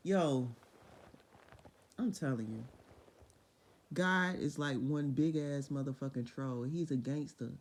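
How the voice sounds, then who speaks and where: A woman's voice: very deep voice, slow, long pauses, a little mellow. A young woman casually retelling Bible stories with lots of profanity, laughter and voiced quotes.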